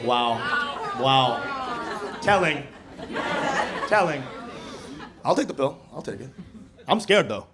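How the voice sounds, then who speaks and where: A man performing a stand-up comedy set on a club stage, joking in an animated way with a handheld mic. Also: mid-range voice, takes it slowly, long pauses, background noise. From Bangladesh. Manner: animated, jokey delivery with frequent laughter. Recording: live club recording, loud crowd laughter.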